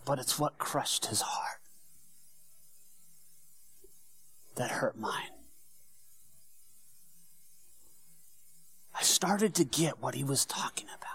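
A man's voice: medium pitch, expressive, normal speed, vocal fry, husky, exaggerated voice. A man playing Peter, an earnest fisherman apostle. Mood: sorrowful, hushed. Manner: storytelling, swinging from hushed whispers to fervent shouts. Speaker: dramatic monologue performer. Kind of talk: first-person dramatic church monologue.

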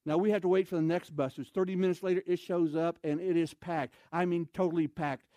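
An American man, a missionary speaker, telling a humorous story in an animated, comic way and acting out scenes. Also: on the high side, fairly quick, dry recording. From United States.

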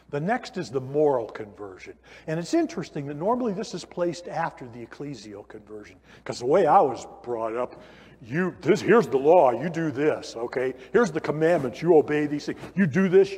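Animated preacher man in a reverberant church. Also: on the high side, slightly rough. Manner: animated, conversational preaching with rhetorical questions. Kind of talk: sermon. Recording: long hall reverb.

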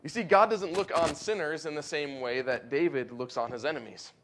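High-voiced man preaching earnestly. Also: a bit bright, slight background noise. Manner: earnest preaching, rising emphatic peaks, slows for weight. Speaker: pastor. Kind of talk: sermon.

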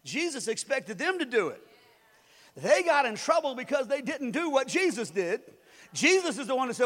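A man preaching a sermon in an animated way, swinging between loud bursts and quiet asides and acting out voices. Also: very high-pitched, moderate pace. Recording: long reverb of a large hall.

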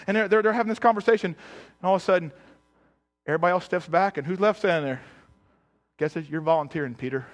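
A man's voice: high-pitched, fast, soft background music. A man preaching a casual sermon, retelling scenes with slang and voices, sometimes dropping to a near whisper. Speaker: pastor.

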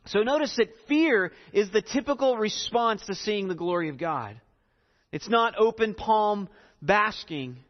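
A man preaching a sermon, slow and emphatic as he explains scripture. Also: sits high, expressive, big-room sound, highs cut off.

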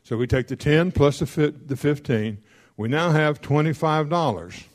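A man teaching a class on paying off debt, folksy and joking, checking in often with his listeners and rattling off figures quickly. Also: on the high side, lively intonation. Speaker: financial counselor teaching a class. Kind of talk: classroom lecture on debt repayment.

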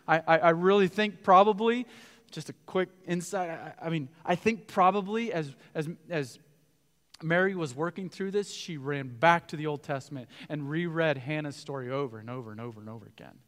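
Male pastor, high bright voice, animated sermon delivery, long hall reverb. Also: normal speed. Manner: animated, acts out quoted voices with big swings in loudness.

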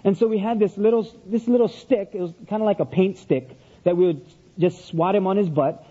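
A man's voice: high-pitched, fairly quick, warm tone. A middle-aged man preaching a sermon in a conversational, storytelling way, repeating his key phrases. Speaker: pastor. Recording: dull lo-fi recording.

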